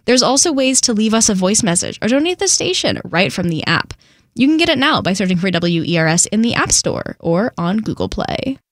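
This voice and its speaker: A woman's voice: mid-range voice, a little fast, no room sound. Chatty woman radio DJ, dry studio sound. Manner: chatty, relaxed, conversational. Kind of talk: casual radio DJ talk. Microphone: studio microphone.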